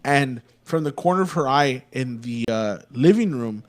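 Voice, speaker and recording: Young dude on a podcast, rambly and swearing a lot, regular mid voice, chill. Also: male voice, medium pitch, expressive, moderate pace. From Texas. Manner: profane, rambling, laid-back. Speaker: podcast co-host. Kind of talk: casual storytelling.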